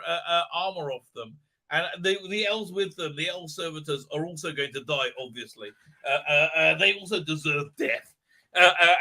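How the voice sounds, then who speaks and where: A channel host rants crudely and profanely on a livestream, rambling with constant filler sounds. His voice is high-pitched and sharp, and the recording is low quality.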